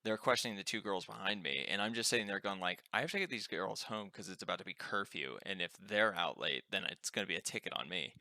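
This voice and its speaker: A young man co-hosting a casual podcast, telling a story in a profane, animated way with lots of "like" fillers. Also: low-pitched, fast talker, hardly any pauses, no echo, clean studio sound. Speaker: podcast co-host.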